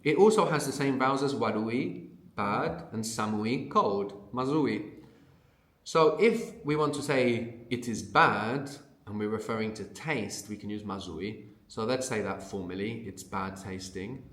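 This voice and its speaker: A man's voice: mid-range voice, measured pace, roomy sound. A man teaching a language lesson. He explains patiently and often checks in with a questioning "no?".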